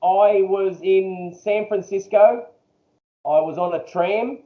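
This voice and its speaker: A man with an Australian accent, chatting relaxed in an interview and chuckling often. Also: high-pitched, slow pace, echoey room, lo-fi sound. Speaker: interview guest, engine builder. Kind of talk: casual interview chat. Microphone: video call.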